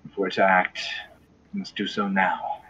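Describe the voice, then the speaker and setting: A man's voice: deep voice, flat delivery, unhurried, bright, forceful tone, husky, muffled recording, heavily acted. A man voicing a terse, wary captive. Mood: guarded.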